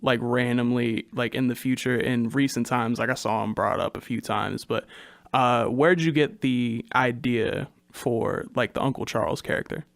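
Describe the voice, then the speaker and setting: A young man interviewing a YouTuber, asking relaxed questions hedged with "sorta" and "like". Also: medium pitch, moderate pace, vocal fry, dry recording.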